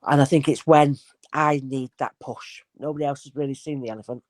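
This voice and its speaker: A woman's voice: extremely low pitch, a little fast, dry recording. A woman, a spirit medium guest telling stories casually and acting out the voices in them. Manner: animated, acts out voices in anecdotes. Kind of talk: casual storytelling conversation.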